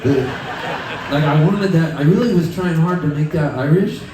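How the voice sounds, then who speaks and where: A man's voice: fairly high pitch, normal speed, noisy background. Casting: a loose, joking male performer chatting between songs, recorded from a distance in a roomy music hall. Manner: loose, joking storyteller, laughs often. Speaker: singer-songwriter performing live. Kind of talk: rambling stage banter and fast patter singing. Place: music hall at a festival, live audience.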